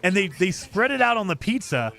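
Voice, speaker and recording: Chatting with viewers as he streams a game, this man reacts to their comments with frequent fillers. He talks a little fast in a high, creaky, sharp voice with big pitch swings.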